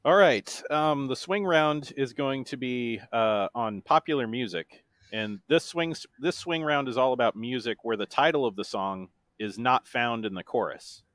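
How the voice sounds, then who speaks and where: Guy reading trivia questions, lyrics in a flat monotone, dry close sound. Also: mid-range voice, normal speed, no echo. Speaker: guest quiz host.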